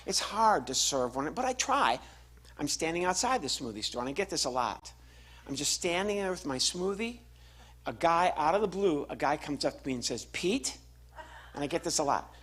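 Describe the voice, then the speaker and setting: A man's voice: a little high, brisk, husky. A man doing a stand-up comedy routine, telling a story on stage and acting out the voices of its people. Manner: animated storytelling with acted-out voices. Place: live venue with laughing audience.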